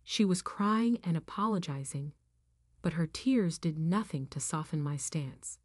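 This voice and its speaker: A woman narrating a first-person story in a firm, even reading voice. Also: low-pitched, a little slow, dry recording, clean studio sound.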